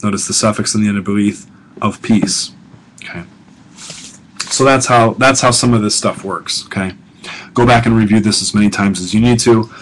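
A man teaching a language class as a professor, slow and deliberate, repeating words and explaining them. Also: lowish voice, steady tone, slight background noise, poor audio. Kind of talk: recorded lecture.

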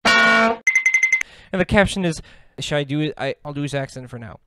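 A young man giving comedic commentary with deadpan jokes and sudden laughs. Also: a little high, quick pace, loud music behind the voice. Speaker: commentary YouTuber.

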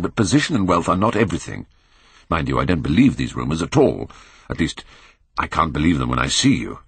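A grave Victorian painter, pleading urgently with a friend , as a male reader puts him on. His voice sits low and husky yet swings widely in pitch. Dry, close recording. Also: a bit bright, no room sound, exaggerated voice. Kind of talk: audiobook character reading.

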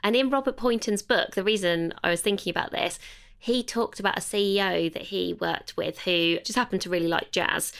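A woman's voice: medium pitch, fairly quick, creaky, fairly bright tone, clear, resonant tone. A woman co-hosting a podcast, talking in a reflective, hesitant way with many fillers. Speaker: podcast co-host. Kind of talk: casual podcast chat.

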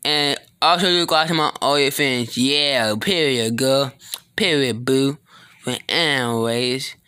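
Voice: mid-range voice, no echo. A person performing an improvised comedy skit, rambling and stumbling over words as they talk. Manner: animated, talking to followers. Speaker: skit creator.

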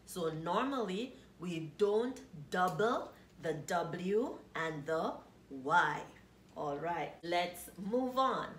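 Slow, patient woman teaching children. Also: on the low side. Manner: slow, patient, spelling out letters. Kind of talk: children's grammar lesson. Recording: echoey room with faint noise.

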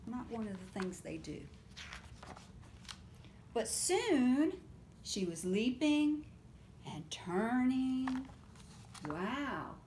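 A woman reading picture books aloud at story time, animated and stopping often to ask the children questions. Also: fairly high pitch, a little hiss or hum. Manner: animated, asks children questions and invites them to join in.

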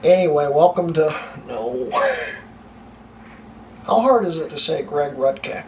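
A man's voice: on the high side, animated, takes it slowly, a little mellow. A man hosting a tech video, stumbling over his lines and restarting takes. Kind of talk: flubbed takes of a tech vlog intro. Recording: voice a bit far from the mic, faint noise.

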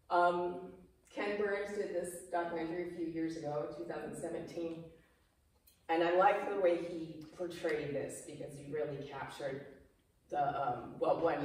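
A woman in her fifties tells a personal story to a small audience in a clubhouse room, chatty and emotional, slipping into the voices of the people she quotes. Her voice sits a little low. The mic is set back from her, so the room adds heavy echo and a faint hiss. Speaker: speaker giving a presentation. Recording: echoey room, mic far off.

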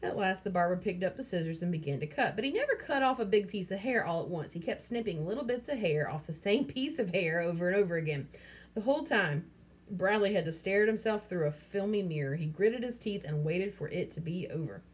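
A woman reads a children's novel aloud, now and then breaking off to explain the story in plain, casual words. Her voice sits fairly low and has a husky edge. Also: expressive, fairly quick. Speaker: reader.

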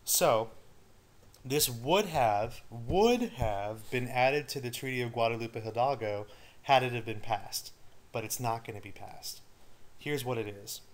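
A man's voice: medium pitch, a little slow. Joking history teacher, man. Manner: casual, joking asides to students. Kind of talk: recorded study-guide lecture.

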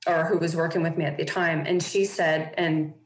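A woman's voice: deep voice, fairly even intonation, normal speed, echoey room, low-quality recording. A woman guest on a podcast, telling a personal story openly and earnestly, with lots of casual fillers.

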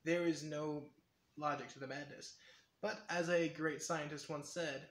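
A man's voice: on the high side, fairly even intonation, unhurried, reverberant. Rambling man with a sore, strained voice. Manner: rambling, constantly correcting himself. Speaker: vlogger. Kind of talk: casual rambling vlog talk.

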